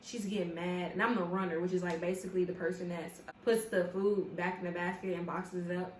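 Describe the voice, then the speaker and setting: A young woman telling a storytime vlog in a casual, animated, profane way, talking straight to her viewers. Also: lowish voice, a little fast, slight background noise. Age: young adult. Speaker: vlogger. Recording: echoey room with faint ambience.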